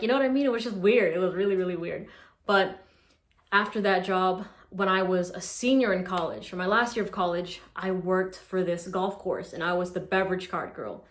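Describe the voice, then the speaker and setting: A woman in her twenties telling stories in a casual vlog, chatty and animated, with lots of "like.". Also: on the low side, normal speed, roomy sound. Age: 20s. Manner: chatty, animated retelling with filler "like". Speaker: social media creator.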